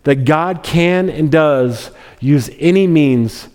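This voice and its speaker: High-voiced preacher in an echoing hall. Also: male voice, takes it slowly, darkish tone, clean tone. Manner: conversational, wry asides. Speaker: pastor. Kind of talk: expository sermon. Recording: long hall reverb.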